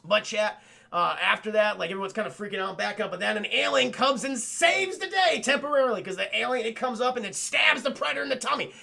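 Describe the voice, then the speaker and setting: A man's voice: high-pitched, fast, vocal fry, sharp tone. A young man recapping a film on a livestream, rambling and swearing, talking straight to his chat. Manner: rambling, profane, addresses chat constantly. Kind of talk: casual chat.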